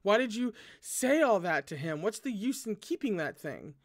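A man's voice: high voice, very animated, normal speed, no room sound, clean studio sound. A man voicing a furious, indignant young male god while reading a novel aloud. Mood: angry. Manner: indignant, shouting questions.

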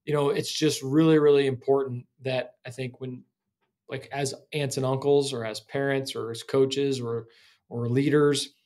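A man's voice: mid-range voice, a little mellow. A man from the Kansas City area co-hosting a casual podcast, talking reflectively in long metaphors. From Kansas City area, United States. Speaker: podcast co-host. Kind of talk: casual chat.

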